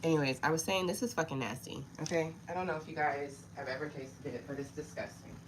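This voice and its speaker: Low-voiced woman chatting on a livestream. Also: fast, background noise. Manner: chatty and frustrated, addressing viewers directly. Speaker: livestream host. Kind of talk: casual live chat with viewers.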